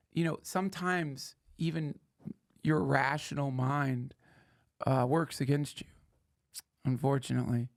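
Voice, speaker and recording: A man rambling through a comedic podcast monologue, sardonic and profane and veering off on tangents. His voice has a gravelly fry at mid pitch. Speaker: podcast host.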